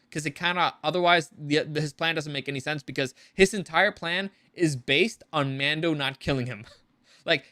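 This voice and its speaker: A man's voice: on the high side, no echo, clean studio sound. A man giving a casual, rambling, profane review of a show. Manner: rambling, profane, animated with frequent restarts. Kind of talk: casual commentary.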